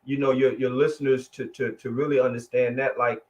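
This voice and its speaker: A man, a guest telling his testimony in an emotional, halting way with many restarts. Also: medium pitch, little pitch movement. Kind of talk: conversational testimony.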